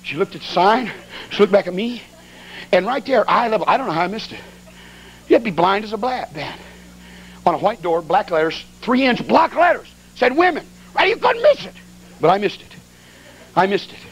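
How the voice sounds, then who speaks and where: A middle-aged man, preaching as an evangelist and acting out a comic story, with loud outbursts of prayer. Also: sits high, fairly quick, long pauses, breathy edge, rough recording. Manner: animated storyteller, shouts and cries out in prayer. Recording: faint noise, old recording.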